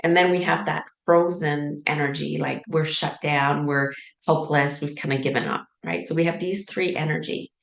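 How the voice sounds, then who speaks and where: A woman with a low, gravelly voice coaches in a relaxed, chatty way and acts out anxious inner thoughts with plenty of "like" and "right?". She sounds like she is in a roomy space with an echo. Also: normal speed. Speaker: sleep coach. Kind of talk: casual teaching talk.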